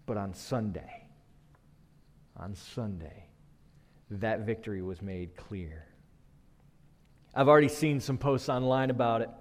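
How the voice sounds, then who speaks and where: A man preaching a sermon, building rhythmic refrains that swell and then drop low. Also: a little slow, long pauses, a little hiss or hum. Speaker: pastor. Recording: long hall reverb.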